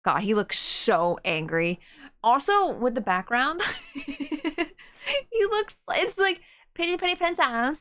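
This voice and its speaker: A woman's voice: high voice, sing-song, slow pace, fairly bright tone. A woman streamer giving casual, giggly let's-play commentary and reacting aloud to a game.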